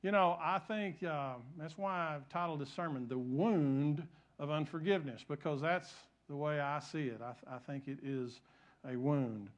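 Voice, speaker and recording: A middle-aged pastor with a notably high voice delivers a sermon in church. He tells a folksy, rambling story, restarting his sentences and talking straight to the congregation. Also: moderate pace, dull audio.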